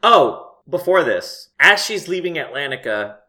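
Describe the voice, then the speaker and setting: Animated, bright-voiced man chatting. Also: on the high side, a little slow. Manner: animated, swears casually, laughs often. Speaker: podcast co-host. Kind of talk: casual chat.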